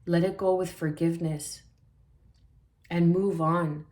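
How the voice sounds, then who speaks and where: A woman giving a spiritual tarot reading in a soft, reflective way, often repeating phrases for emphasis. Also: fairly low pitch, fairly even intonation, slow pace, roomy sound. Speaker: tarot reader.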